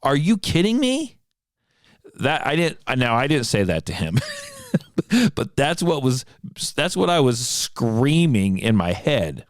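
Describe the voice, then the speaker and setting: American male podcast host, casual storyteller, lively swings in pitch, dry close sound. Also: a little slow, no echo. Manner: animated, exasperated ranting with quoted dialogue. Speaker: podcast host, firearms instructor. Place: small studio room.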